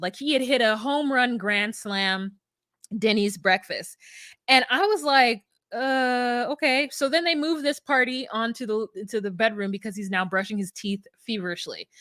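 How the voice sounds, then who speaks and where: A woman's voice: fairly high pitch, sharp tone, dry recording, clean studio sound. A woman co-hosting a casual podcast, chatting through a show recap and acting out quotes in mock voices. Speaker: podcast co-host.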